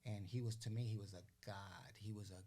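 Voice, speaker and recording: An older man, a guest on a podcast, telling stories in a casual, animated way. He acts out the voices of the people he quotes and keeps asking "you know what I'm saying?". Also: lowish voice, a little fast. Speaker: interview guest. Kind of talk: casual storytelling.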